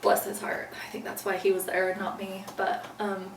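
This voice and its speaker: A woman's voice: mid-range voice, monotone, moderate pace. Earnest woman telling her story in a roomy space. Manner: earnest, retells events by acting out her own past lines. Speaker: interview guest. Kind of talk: casual storytelling interview. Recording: roomy, distant mic, faint background noise.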